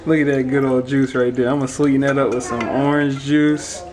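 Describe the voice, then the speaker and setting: A young man hosting a home vlog in his kitchen, joking in a playful, animated way. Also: mid-range voice, brisk, a crowd in the background. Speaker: vlogger, expectant father.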